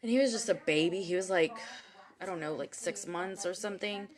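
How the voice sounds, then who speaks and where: A woman's voice: fairly low pitch, brisk. Rambling, emotional woman telling a story. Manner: rambling and emotional, with many fillers and frequent swearing. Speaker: spiritual reader hosting a live stream. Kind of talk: casual personal storytelling. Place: home, livestream. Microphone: phone or webcam.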